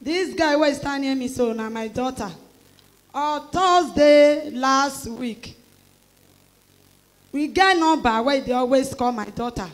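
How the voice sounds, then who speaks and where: Slow and high-pitched, pausing often, a middle-aged woman with a Nigerian Pidgin English accent delivers an emotional testimony in church. She exclaims animatedly and acts out what others said.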